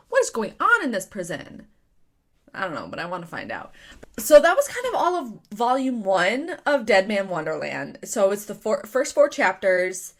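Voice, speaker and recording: A woman's voice: mid-range voice, normal speed. Chatty young woman reviewing a manga. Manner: chatty and excitable, full of fillers and rhetorical questions. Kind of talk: casual spoken review.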